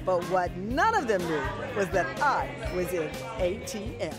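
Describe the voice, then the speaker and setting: A woman talk show host reading scripted voice-over narration in a lively, upbeat way. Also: lowish voice, a little slow, over a noisy crowd. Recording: music playing under narration.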